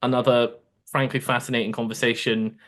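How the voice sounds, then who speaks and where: A man's voice: mid-range voice, level tone, brisk. A man hosting a casual podcast, easygoing as he steers segments and wraps up the show. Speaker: podcast host.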